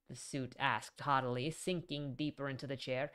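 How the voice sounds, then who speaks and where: A woman reading a novel aloud in an animated, casual way, stopping to correct her own slips. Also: extremely low pitch, moderate pace, few pauses, smooth. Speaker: reader.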